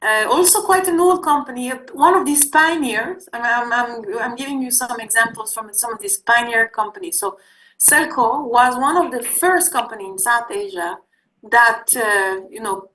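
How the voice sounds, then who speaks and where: A woman teaching a class on sales, talking loosely and often pausing with fillers as she explains. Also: on the high side, bright, forceful tone, poor audio. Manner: conversational, searching for words with many fillers. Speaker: instructor. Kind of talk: online class lecture.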